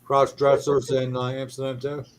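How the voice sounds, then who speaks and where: A man in his sixties hosting a casual live chat, telling stories in a laid-back way that trails off quietly. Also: medium pitch, monotone, normal speed, a loud crowd. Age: 60s.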